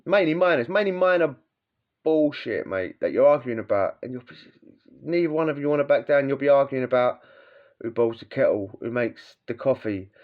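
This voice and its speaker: A man's voice: mid-range voice, expressive, normal speed. Slangy British man with dull sound. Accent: British English. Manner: slangy, swears freely, laughs through stories. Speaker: former prisoner telling stories. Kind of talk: casual storytelling.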